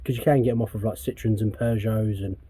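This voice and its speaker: A man's voice: on the low side, steady tone, fast talker, mellow, husky. An English man vlogging casually while working on his van outdoors, rambling and swearing often in a laid-back way. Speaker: DIY van customizer vlogger.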